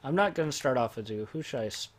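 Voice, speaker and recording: A man giving jokey gameplay commentary, swinging from loud excited outbursts to quiet muttering. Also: mid-range voice, fast talker. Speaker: let's play gamer.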